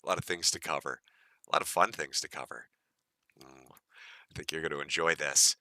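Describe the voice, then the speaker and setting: A man's voice: very deep voice, normal speed, sharp tone, no room sound, studio quality. A man from the United States hosting a live stream, ranting in a profane, mocking and gleeful way. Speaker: stream host.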